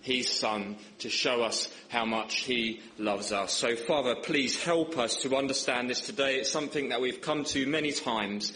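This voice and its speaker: A man's voice: moderate pace, few pauses, sharp tone. A young man preaching a sermon in church, joking and telling stories, his voice rising for emphasis. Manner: humorous, storytelling, rises in pitch for emphasis. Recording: echoey church hall with faint background noise.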